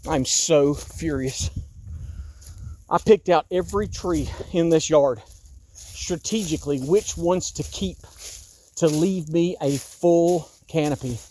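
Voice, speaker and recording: Strolling outside through his wooded yard, a man in his fifties delivers a repetitive vlog rant full of agitation and exasperation. He speaks unhurriedly in a slightly high, warm voice.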